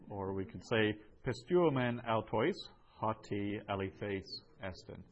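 A man teaching a Greek class, going over answers in a slow, measured way with many ums and uhs. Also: on the low side, highs cut off.

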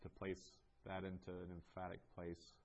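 Low-voiced man teaching a class. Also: monotone, darkish tone, dull audio. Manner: explanatory, pauses and restarts, reads Greek aloud. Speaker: Greek teacher. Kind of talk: classroom lecture.

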